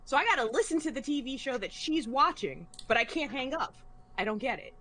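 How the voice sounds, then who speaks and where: A woman's voice: high voice, a little fast. A woman in casual chat during an online tabletop game, telling comic family stories with lots of swearing and laughter. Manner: animated, swears freely, laughs mid-story.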